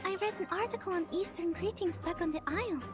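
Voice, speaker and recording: A woman's voice: extremely high pitch, normal speed. A woman voicing an earnest, curious young man in a game trailer. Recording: game trailer played over music.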